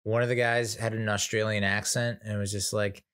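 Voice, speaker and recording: A man's voice: on the low side, flat delivery, fairly quick, a bit bright, clear, resonant tone. An American man in his thirties, a comedian telling a rambling, self-deprecating story full of restarts. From United States. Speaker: comedian host.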